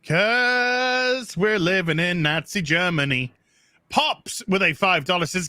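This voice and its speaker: A man's voice: sits high, slow pace, pushed and bright, no echo, studio quality. A British man hosting a casual livestream, reading out donation messages with crude, laughing banter. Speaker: host reading superchats.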